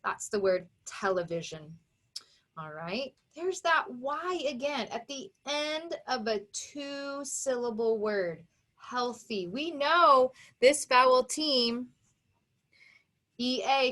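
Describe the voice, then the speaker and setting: A woman's voice: medium pitch, slow, fairly bright tone. A woman teacher giving a reading lesson to young children, patiently sounding out letters and syllables.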